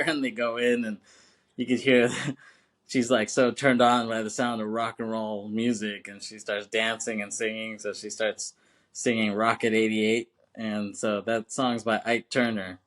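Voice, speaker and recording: A man co-hosting a podcast, casually recapping a film with lots of fillers and laughs. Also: fairly low pitch. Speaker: podcast co-host.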